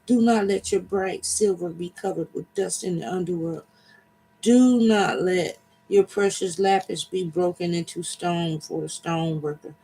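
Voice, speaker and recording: A man's voice: high voice, fairly even intonation, a little slow, creaky, warm tone, a little hiss or hum, poor audio. A man reading aloud the lines of a goddess pleading with her father, earnest and imploring.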